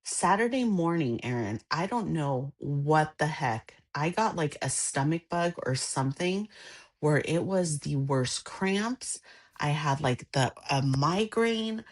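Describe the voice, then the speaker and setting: A woman co-hosting a podcast, talking in an expressive, chatty way. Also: deep voice, slow pace. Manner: expressive, gasps and laughs, chatty. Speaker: podcast co-host. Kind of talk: casual chat.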